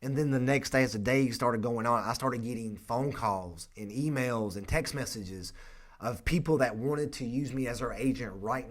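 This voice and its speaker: A young man with a North Carolina accent, a real estate agent telling a personal story in an earnest, halting way. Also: medium pitch, a bit bright. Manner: earnest, emotional, halting with frequent restarts.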